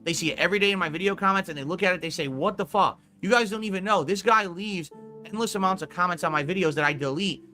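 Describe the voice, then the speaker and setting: A man's voice: high voice, fast, sharp tone, soft background music. Profane scolding male streamer. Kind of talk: angry stream rant.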